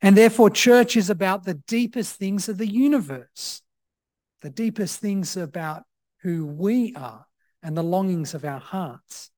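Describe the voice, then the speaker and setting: A man preaching a sermon as pastor, measured and reflective, with frequent "uh" fillers. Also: high voice, darkish tone, no room sound, clean studio sound.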